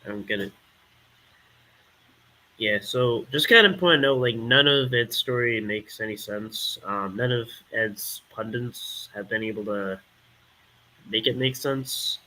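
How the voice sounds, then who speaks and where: A man chatting casually on a panel, agreeing often and filling pauses with "like" and "um". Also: fairly low pitch, pushed and bright, a little hiss or hum, poor audio. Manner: filler-heavy, agreeable. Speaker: panel participant. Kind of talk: casual online panel chat.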